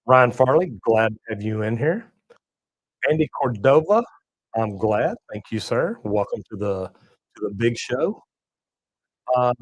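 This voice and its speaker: A middle-aged man talks in a relaxed, folksy drawl, tossing in y'all and man as he chats on a livestream. His voice sits in an ordinary middle register and sounds close and dry, with no room around it. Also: medium pitch, no room sound, poor audio. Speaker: plumbing channel host reading live chat. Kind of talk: casual livestream chat.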